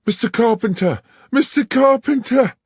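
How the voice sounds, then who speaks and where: A man voicing a frantic young village woman who bursts in shouting bad news, high and breathless. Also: lively intonation, moderate pace, breathy edge, no echo, studio quality. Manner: shrill and breathless.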